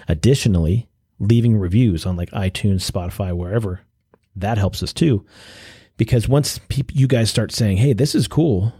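Male podcast host, low husky voice, earnest and exhorting, dry close-mic sound. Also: mellow, dry recording. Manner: earnest, exhorting, with restarts and pauses. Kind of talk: motivational monologue.

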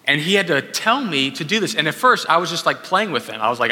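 Man preaching, very bright voice, slightly high pitch, conversational, long echo of a big hall. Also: big pitch swings, fast. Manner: conversational preaching with acted quotes. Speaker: pastor. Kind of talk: sermon. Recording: echoey hall.

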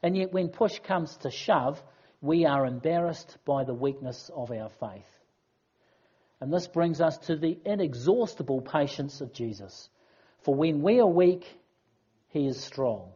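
A preacher giving a conversational, expressive sermon and reading scripture aloud. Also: medium pitch, measured pace, breathy edge, muffled recording.

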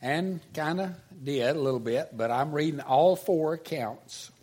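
A man's voice: a little high, a little slow, darkish tone. A man with a Southern US accent preaching an earnest, conversational sermon and reading scripture aloud. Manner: earnest, conversational, restarts often. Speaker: pastor.

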